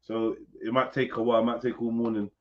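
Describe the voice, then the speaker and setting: A man hosting a casual live panel, reading an article aloud haltingly with jokes, over a video call. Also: mid-range voice, flat delivery. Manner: joking, reads aloud haltingly. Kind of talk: casual live-stream banter. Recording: dull lo-fi stream audio.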